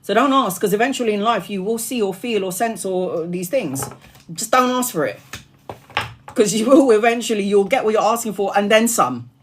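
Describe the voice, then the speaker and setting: A woman's voice: mid-range voice, moderate pace, slight background noise. Chatty swearing woman on a live stream. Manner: chatty and animated, laughs often, swears freely. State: tired after hours live. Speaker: tarot reader streaming live. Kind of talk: casual live-stream chat.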